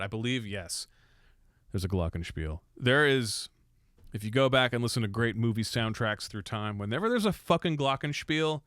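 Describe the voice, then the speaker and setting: A man's voice: mid-range voice, fairly bright tone, clean tone, dry recording, clean studio sound. A young man casually explaining how he produced a song, joking, swearing and mocking himself as he goes. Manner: irreverent, swears, self-mocking. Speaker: music producer and mixer. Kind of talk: casual tutorial with jokes.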